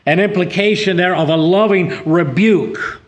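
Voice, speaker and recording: Guy preaching a sermon, reads scripture, gets loud and high on the big points, some stumbling restarts. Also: normal speed. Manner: reads scripture aloud, rising emphatically on key points.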